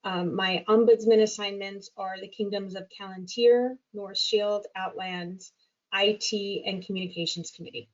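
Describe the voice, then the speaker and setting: A woman board director giving a steady, matter-of-fact introduction in an online meeting. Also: medium pitch, moderate pace. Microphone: video call. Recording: distant dull webinar audio.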